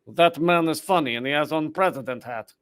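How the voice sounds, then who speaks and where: A man voicing dim-witted voters with a thick Southern US accent, in a much higher, slower voice than his own. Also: a bit bright, close to an everyday voice. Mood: goofy.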